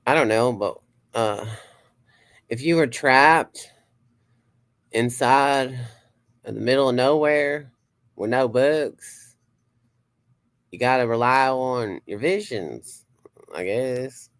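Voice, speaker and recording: A man's voice: mid-range voice, slow, long pauses, a bit bright, clean tone, no room sound. A man hosting a casual livestream as a psychic, rambling and swearing freely, laughing often and reading viewer comments aloud. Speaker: psychic streamer host.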